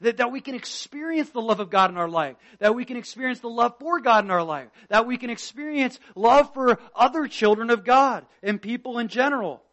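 A pastor preaching a sermon with passion, swinging between loud emphasis and hushed tones as he quotes scripture. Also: very high-pitched, expressive, brisk, few pauses. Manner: quotes scripture and acts out prayers.

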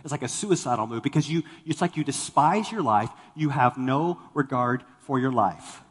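A man's voice: medium pitch, expressive, normal speed, slightly rough, in a large hall. A man preaching a sermon as a pastor to a congregation, talking animatedly and acting out the people he quotes. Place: church sanctuary with congregation.

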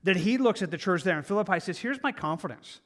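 A man's voice: high-pitched, expressive, fast talker, a bit bright. A male pastor preaching a sermon in an earnest, conversational way, sometimes acting out the inner voices of his listeners.

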